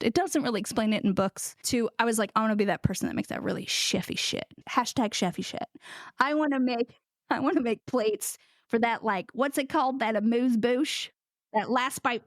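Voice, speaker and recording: A fairly high-voiced American woman with a Southern twang talks animatedly, joking around and tossing in little impressions. The sound is dry and close, with no room to speak of. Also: brisk, dry recording. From United States. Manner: animated, jokey, slips into put-on voices. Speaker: guest ceramicist. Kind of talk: casual conversation.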